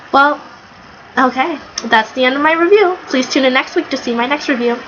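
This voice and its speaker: A woman's voice: fairly high pitch, brisk, a bit bright, dull audio, a little hiss or hum. A woman chatting casually in a video review, gushing and rambling, with fillers and quoted lines. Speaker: anime reviewer.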